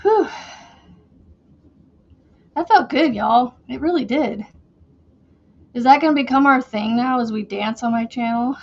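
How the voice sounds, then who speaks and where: A woman's voice: a little high, a little slow, long pauses, muffled recording. A woman hosting a casual crochet livestream from her chair at home, chatty and giggly, a bit out of breath as she talks to viewers. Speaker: crochet channel host.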